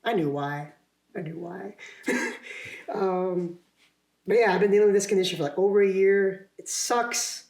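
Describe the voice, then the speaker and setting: A man's voice: high voice, moderate pace, a little mellow. A young man, a podcast guest and actor, talking casually in a rambling, self-deprecating way, laughing often and restarting his sentences. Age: young adult. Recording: roomy echo.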